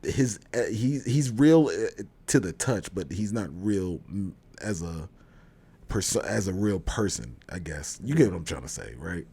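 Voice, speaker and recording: A man's voice: sits low, expressive, a little slow, gravelly, mellow, slightly rough. A man co-hosting a review show, casually retelling scenes with lots of fillers and restarts. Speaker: podcast co-host reviewing a TV show. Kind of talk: casual chat.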